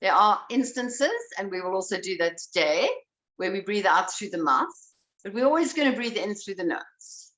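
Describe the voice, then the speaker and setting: A woman breathwork instructor leading a guided breathing exercise, giving slow, calm instructions. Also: medium pitch. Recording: roomy sound, voice away from the mic.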